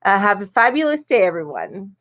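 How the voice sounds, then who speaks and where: A woman's voice: mid-range voice, sing-song, a little fast, a bit bright. A middle-aged woman hosting a casual live-stream chat, reading viewer comments aloud and chatting about them with lots of ums and little laughs.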